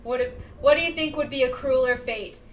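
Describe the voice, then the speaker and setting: A woman live-streaming a game chatters dramatically to her viewers, pleading and wailing over her luck. Her high voice is a little fast and sounds far from the mic.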